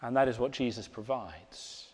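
A man preaching a sermon in a church, slow and deliberate, dropping to hushed, near-whispered emphasis. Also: mid-range voice, husky. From Britain. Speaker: pastor. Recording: long reverb of a church hall.

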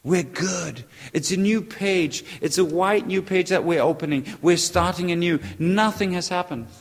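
A man's voice: high voice, moderate pace, creaky, long reverb tail. A man preaching a sermon, emphatic and repeating short phrases, now and then searching for the right English word.

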